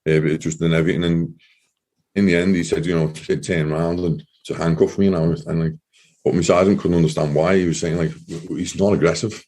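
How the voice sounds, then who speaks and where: A man, an interview guest and former soldier, telling his own story in a halting way and acting out past exchanges in quotes. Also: sits low, little pitch movement, mellow. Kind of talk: personal storytelling in conversation.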